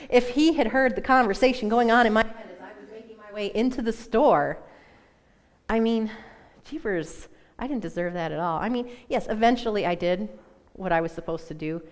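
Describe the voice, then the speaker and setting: A woman, around her thirties, giving a personal testimony in a church talk, telling it in a lively, self-mocking way with laughs. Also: medium pitch. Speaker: church speaker.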